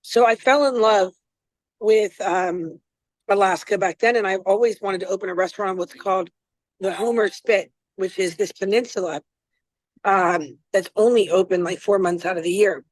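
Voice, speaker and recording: A woman's voice: medium pitch, moderate pace, no room sound, low-quality recording. Chatty rambling woman chef, dry sound. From Florida, US. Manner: chatty, rambling, self-deprecating. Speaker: chef and guest. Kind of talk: casual interview chat.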